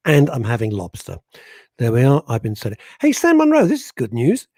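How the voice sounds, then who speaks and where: Man, co-host, from England, reads listener comments, lively pitch swings, dry close sound. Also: a little fast, no room sound. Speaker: radio show co-host. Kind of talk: casual radio chat.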